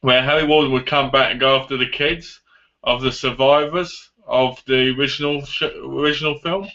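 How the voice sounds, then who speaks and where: A man's voice: medium pitch, steady tone, moderate pace, sharp tone. A young man casually answering viewer questions, rambling and often correcting himself, in a dull lo-fi recording. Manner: rambling, self-correcting, chatty. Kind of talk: casual chat. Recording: dull lo-fi sound.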